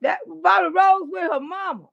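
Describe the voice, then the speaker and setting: A woman doing casual livestream commentary, blunt and profane, with loud bursts of laughter. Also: high voice, expressive, normal speed, vocal fry, narrow, tinny audio.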